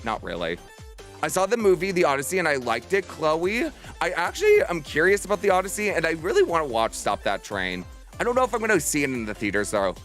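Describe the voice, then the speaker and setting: Young man, livestreamer, slightly high voice, bubbly and affectionate, soft music behind. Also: huge pitch swings. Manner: bubbly, affectionate, talks fast to chat. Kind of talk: casual stream chat. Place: home room.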